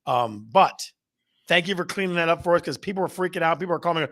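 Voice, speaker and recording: A man's voice: fairly high pitch, very fast, a bit bright. A man from Michigan hosting a live real estate show, upbeat and joking as he rallies the chat. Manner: hyped, jokey, rallying the chat. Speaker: show host.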